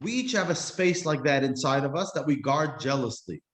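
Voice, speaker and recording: A man teaching a class, reflective and slowing to stress key words. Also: mid-range voice, lively intonation, fairly bright tone, roomy sound. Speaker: Jewish teacher. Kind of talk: explanatory class talk.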